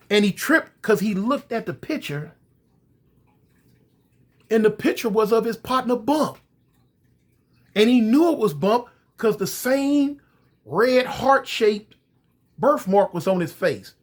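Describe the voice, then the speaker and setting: A man telling a story in a casual, conversational way, speaking directly to his listeners. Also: high-pitched.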